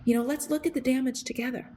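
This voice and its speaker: A woman's voice: high-pitched, fairly even intonation, a little fast, mellow, a little hiss or hum. A young adult woman hosting a podcast, telling a story in an earnest, rambling way full of fillers and restarts. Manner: gets emotional, close to tears. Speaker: podcast host. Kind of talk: reflective storytelling monologue.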